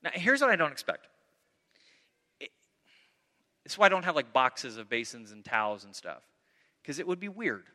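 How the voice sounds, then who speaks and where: A man preaching with a bright, ringing voice, somewhat higher than most men. He is earnest, and he swings from loud emphasis down to soft, hushed asides. The sound carries a long reverb from the hall. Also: sing-song, moderate pace, pauses often. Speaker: pastor. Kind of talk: sermon.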